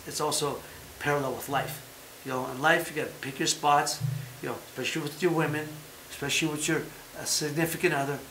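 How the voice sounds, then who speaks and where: A man hosting a casual chat show, talking in an animated, emphatic way and repeating his points. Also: mid-range voice, echoey room, a little hiss or hum, poor audio. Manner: talks about having been a fighter. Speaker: podcast host.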